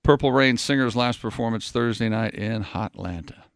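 A man's voice: medium pitch, normal speed, creaky, clear, resonant tone, dry recording, studio quality. A man co-hosting a radio show, reading news items and teasing his co-host wryly. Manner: wry, teasing, reads news items aloud. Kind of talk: casual morning show banter.

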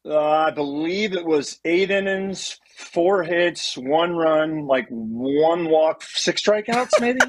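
A middle-aged man, a former pitcher and guest, telling long rambling stories with lots of "you know" and restarts. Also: lively intonation, slow pace, hardly any pauses, no echo. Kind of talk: casual storytelling.

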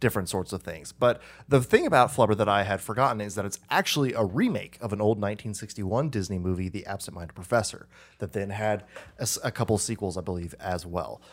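A man's voice: fairly low pitch, quick pace. A man co-hosting a podcast in casual chat, meandering and correcting himself as he recalls details, laughing easily. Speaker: podcast co-host.

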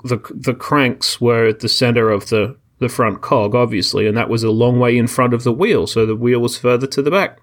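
A man's voice: medium pitch, a little fast, few pauses. A man co-hosting a podcast, chatting casually with dry, teasing humor and frequent restarts. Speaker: podcast co-host. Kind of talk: casual chat.

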